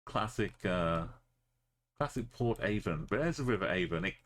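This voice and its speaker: A man's voice: sits low, animated, normal speed, a little hiss or hum. A man streaming a map game, talking in a rambling, jokey way. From Britain. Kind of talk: casual gaming commentary.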